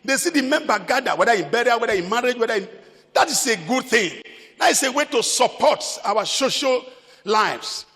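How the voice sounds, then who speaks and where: A man's voice: extremely high pitch, animated, brisk, bright, forceful tone, big-room sound. A Nigerian man preaching a sermon as pastor, emphatic, repeating his phrases.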